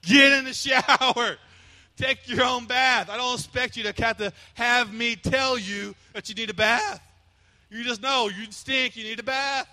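High, bright-voiced folksy preacher man. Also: big-room sound. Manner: folksy, repetitive, acts out little scenes. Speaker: pastor. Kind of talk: humorous sermon.

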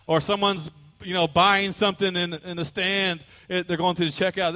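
A male pastor with a high, bright, ringing voice delivers a folksy, humorous sermon, repeating himself and slipping into small acted scenes. His voice carries a long reverb from a large church hall. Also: flat delivery, moderate pace, hardly any pauses. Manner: folksy, repetitive, acts out little scenes.

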